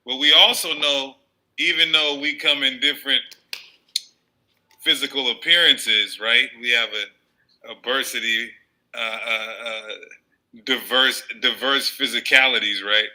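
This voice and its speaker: Male video commentator, loose animated delivery, very bright timbre. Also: medium pitch, unhurried, pauses often, rough recording. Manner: laughing, stumbling, loose and animated. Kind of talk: casual commentary.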